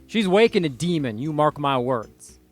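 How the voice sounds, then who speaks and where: A man's voice: a little high, very animated, normal speed, soft background music. A man playing a gloomy veteran pilot. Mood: grim. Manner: gloomy, folksy, blunt. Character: gruff pessimistic veteran male pilot, older.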